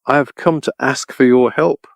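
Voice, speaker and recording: A man's voice: mid-range voice, steady tone, moderate pace, gravelly, no echo, natural voice. A man voicing a meek, earnest young girl who pleads with a trembling voice.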